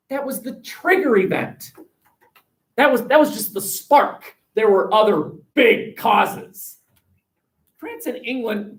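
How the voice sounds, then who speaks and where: Animated male teacher lecturing a class. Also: sits high, a little slow. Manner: animated, asks the class questions, jokes. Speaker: history teacher. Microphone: webcam across the room. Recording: distant webcam sound.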